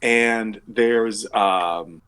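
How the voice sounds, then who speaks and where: A man's voice: on the low side, drawn-out words, a bit bright, clear, resonant tone. A man narrating as game master of a tabletop game, rambling with many filler words.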